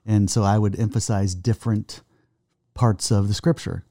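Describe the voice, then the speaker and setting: A middle-aged man giving an earnest faith testimony in conversation, halting and restarting, reciting verses slowly. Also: lowish voice, steady tone, dark tone, dry recording, clean studio sound. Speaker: guest, son of the host.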